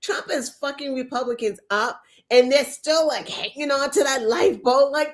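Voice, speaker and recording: A woman's voice: sits high, lively intonation. A woman co-hosting a political talk show, emphatic and profane in casual conversation. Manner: emphatic, profane, agreeing quickly. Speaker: podcast co-host.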